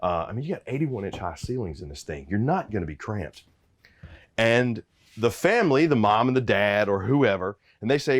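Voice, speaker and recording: A man's voice: on the low side, animated, normal speed. A man giving an upbeat walkthrough of a travel trailer, pointing out features as he goes, recorded inside the trailer. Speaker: RV salesman giving a walkthrough tour. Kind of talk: product walkthrough.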